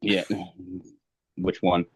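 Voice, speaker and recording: A man from the American Midwest co-hosting a podcast, telling stories in a dry, deadpan way. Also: low voice, very slow, no echo. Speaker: podcast co-host. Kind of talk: casual chat.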